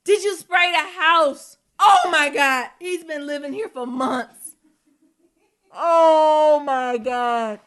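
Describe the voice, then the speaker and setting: A woman's voice: sits high, takes it slowly, bright, forceful tone, rough recording. A woman co-hosting a podcast at home, shrieking and swearing in panic during casual chat. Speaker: podcast co-host.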